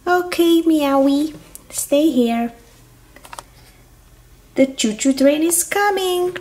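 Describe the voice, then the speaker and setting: Woman, toy play narration for children, cheerful, sing-song, high, slow. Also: a little mellow, a little hiss or hum. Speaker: toy video host voicing a conductor doll.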